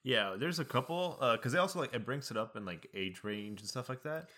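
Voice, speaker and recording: A man's voice: medium pitch, expressive, brisk, sharp tone. A young man co-hosting a casual podcast, chiming in with jokey asides. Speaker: podcast co-host. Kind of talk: casual chat.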